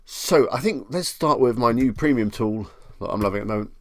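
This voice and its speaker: A man's voice: mid-range voice, expressive, a little fast, no room sound, clean studio sound. A man hosting a live stream in a casual, chatty way, reading questions aloud and musing on each one. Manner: chatty, reads questions aloud and muses on them.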